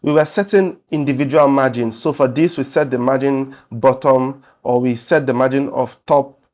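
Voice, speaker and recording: A man's voice: mid-range voice, normal speed. A man teaching a web development lesson, talking through code as he types it on screen. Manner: relaxed, thinking aloud while typing. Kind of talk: screen-share coding tutorial.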